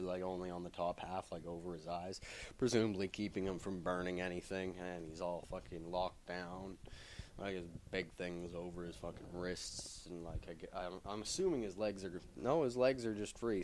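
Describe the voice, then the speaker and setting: A man casually recapping a comic book plot, rambling and swearing heavily. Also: slight background noise. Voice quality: low voice, heavy swearing, rambling.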